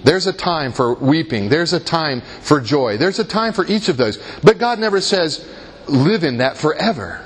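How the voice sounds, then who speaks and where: Husky man leading a teaching workshop. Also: on the high side, lively intonation, normal speed, hardly any pauses, a bit bright. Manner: engages listeners with rhetorical questions and self-mocking jokes. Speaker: workshop leader. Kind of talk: conversational Christian teaching workshop. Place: convention workshop room.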